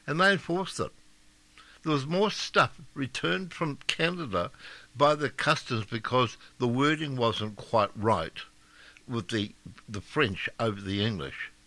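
A man's voice: medium pitch, sharp tone, no echo. A man hosting talk radio, giving blunt, scornful and mocking opinion commentary. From Scotland.

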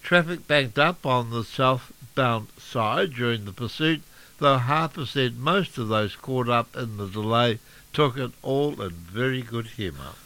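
Male radio newsreader, New Zealand accent, mid-range voice, steady bulletin read. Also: medium pitch, rough recording. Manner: steady, measured reading with occasional slips. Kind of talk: local radio news bulletin.

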